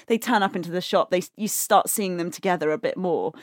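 A woman's voice: on the low side, brisk, no echo, clean studio sound. A woman, a guest on a podcast, chatting with enthusiasm about a favourite film. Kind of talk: casual chat about films.

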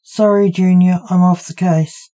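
An exasperated male defence lawyer loses patience with his client in an audio story, as a woman narrator puts him on. His voice is mellow and low. He sounds pleading and worn out. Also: steady tone, a little slow, lightly acted. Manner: frustrated, pleading.

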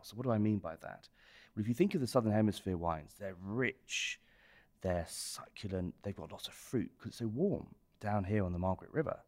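A man explaining wine in a relaxed, descriptive way during a casual podcast chat. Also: on the low side. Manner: expansive, descriptive about wine. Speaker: wine expert guest.

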